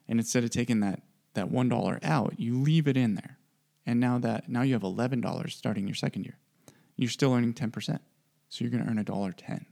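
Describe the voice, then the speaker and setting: A man's voice: lowish voice, creaky, darkish tone. A man working as a financial coach for military members, explaining investing in a casual teaching style and often checking in with "right?". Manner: conversational, checks in with frequent "right?".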